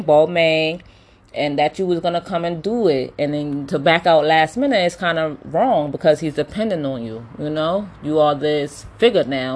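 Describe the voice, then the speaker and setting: A woman casually recapping a reality show, opinionated and animated, with lots of fillers. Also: sits low. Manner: chatty, opinionated, animated retelling with quoted voices; many fillers like um and you know. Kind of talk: casual chat.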